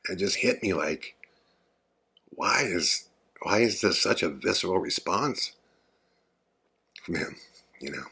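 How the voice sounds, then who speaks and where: This podcast host has a deep, husky voice with vocal fry, a pushed, bright quality, and lively intonation. He talks slowly with long pauses, telling a story in a rambling, earnest, filler-heavy way as a casual monologue.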